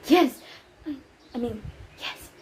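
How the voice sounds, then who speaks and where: A woman's voice: fairly high pitch, a little slow, very noisy, natural voice. A woman playing a flustered, stammering nanny. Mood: excited. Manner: flustered, stammering, self-correcting. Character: fussy, flustered nanny, middle-aged woman. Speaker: Juliet's nurse in a class play. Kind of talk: amateur school play acting. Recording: echoey room, far from the mic.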